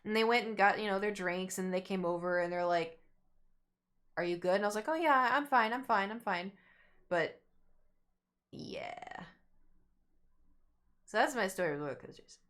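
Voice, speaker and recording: A woman's voice: lowish voice, normal speed, pauses often. A young woman streamer telling a rambling story to her chat, acting out what people said. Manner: animated, rambling, acts out quotes.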